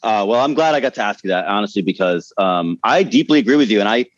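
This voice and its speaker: A man's voice: fairly low pitch, expressive, fast talker, no echo. A man co-hosting an interview, earnestly asking long follow-up questions about his own experience. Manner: earnest, talks through his reasoning at length. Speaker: co-host. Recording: dry, dull lo-fi audio.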